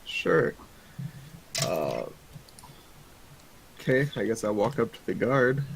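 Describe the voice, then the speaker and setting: A man's voice: lowish voice, very animated, slow, gravelly, a little hiss or hum. A man from Canada playing a tabletop game, talking hesitantly with many fillers. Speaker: player.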